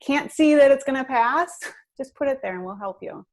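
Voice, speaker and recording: Upbeat encouraging mom, mid pitch, casual video chat. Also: female voice, lively intonation, normal speed. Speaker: parent, guest in discussion.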